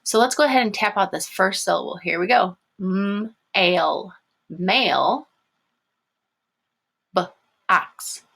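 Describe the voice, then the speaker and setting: A woman teaching a phonics lesson to young children online, patient and encouraging, sounding words out slowly. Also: mid-range voice, expressive, vocal fry, a bit bright, slightly rough.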